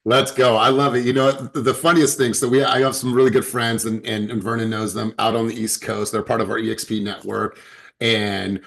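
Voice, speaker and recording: A man's voice: medium pitch, little pitch movement, brisk, gravelly, fairly bright tone. A man, a sales director and coach, giving an emphatic motivational talk to his team and repeating words as he starts sentences.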